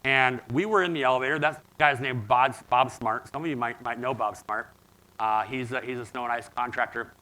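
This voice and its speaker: Guy in his 40s doing a keynote at a conference, bright clear voice, tells stories n asks the crowd stuff. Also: medium pitch, steady tone, fairly quick, low-quality recording. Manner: storytelling, engaging audience with questions. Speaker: keynote speaker. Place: conference event room.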